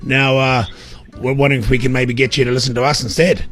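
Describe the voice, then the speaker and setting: A young New man co-hosts a comic radio show with an average-pitched voice. He hesitates between takes, then turns brash once on air. Faint music runs behind him. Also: level tone, fast, fairly bright tone. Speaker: radio host.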